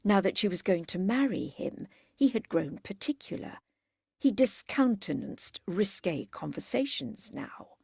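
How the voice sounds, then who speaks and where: A woman narrating a classic novel as an audiobook in a measured, expressive way. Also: mid-range voice, gravelly, slightly rough, dry recording, studio quality. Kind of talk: scripted narration.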